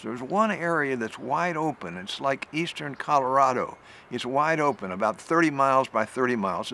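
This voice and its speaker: In a recorded talk, a retired general, an older man, tells a vivid story, restarting phrases and pitching up at the tense parts. His tone is bright and forceful, with slight background noise.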